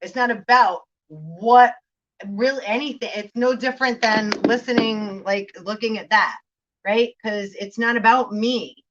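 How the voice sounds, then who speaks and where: A woman's voice: on the high side, unhurried, lo-fi sound, noisy background. A woman giving a casual spiritual vlog talk, rambling, laughing often, swearing and asking "right?" again and again. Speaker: spiritual reader.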